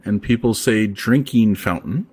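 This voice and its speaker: A man hosting a casual podcast chat, talking in a relaxed, rambling way with plenty of fillers. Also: on the low side, unhurried, breathy edge. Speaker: podcast host.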